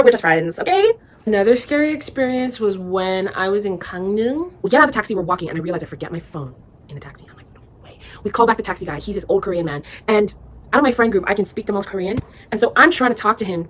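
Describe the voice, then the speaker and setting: A young woman from Hawaii, a vlogger answering viewer questions in a chatty, animated way, acting out quotes as she tells stories. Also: mid-range voice. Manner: chatty, animated, acts out quotes in other voices. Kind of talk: casual storytelling Q&A.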